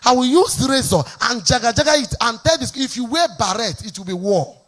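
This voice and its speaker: A Nigerian woman pastor preaching a fervent sermon, slipping into sing-song phrases and shouted emphasis. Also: a little high, expressive, brisk.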